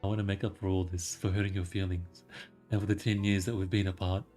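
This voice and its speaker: A steady male commander speaks softly and evenly, soothing and kind, as a man reads him out. His voice sits low and unhurried, like a game character's calm reassurance. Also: soft background music, close to an everyday voice. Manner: soothing and measured. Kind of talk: reading game dialogue aloud.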